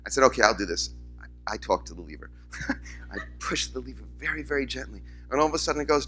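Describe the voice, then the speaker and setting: A man's voice: medium pitch, fast, breathy edge, faint music behind. A man, a rabbi, giving a conference keynote, telling stories and acting out the voices of the people in them. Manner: storytelling, animated, acts out quoted voices. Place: conference hall, in front of audience.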